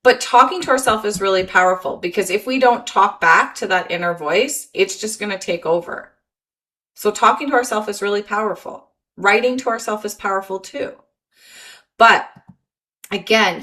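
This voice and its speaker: A woman with a medium-pitched, fairly bright voice presents a motivational webinar over a video call, encouraging listeners, repeating key phrases and reading chat comments aloud.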